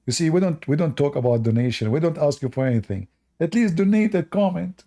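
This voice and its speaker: A man's voice: on the high side, animated, fast talker, dark tone. A man with a non-native English accent, hosting a live debate stream with mocking, sarcastic asides. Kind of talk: casual livestream talk.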